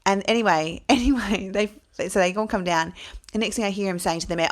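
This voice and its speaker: A woman's voice: mid-range voice, fairly bright tone. Chatty woman on a podcast. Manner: chatty, quick to agree, tells stories. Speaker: podcast co-host. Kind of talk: casual chat.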